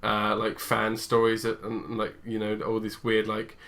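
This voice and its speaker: A man's voice: on the low side, monotone, a little slow, a bit bright. A man co-hosting a podcast in a rambling, casual chat, tired with a dry, sore throat. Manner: chatty, rambling, self-interrupting. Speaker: podcast co-host.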